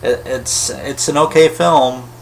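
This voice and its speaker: A man's voice: mid-range voice, steady tone, slow, creaky, slight background noise, rough recording. A man giving a casual, rambling film review in a wry, critical way. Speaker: movie reviewer.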